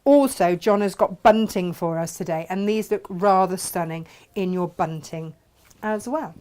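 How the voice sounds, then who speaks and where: A woman's voice: mid-range voice, a little slow, a little mellow. Chatty woman hosting a craft show. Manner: chatty, laughing, trails off into asides. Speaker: host of a craft live show. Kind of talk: casual live chat selling fabrics.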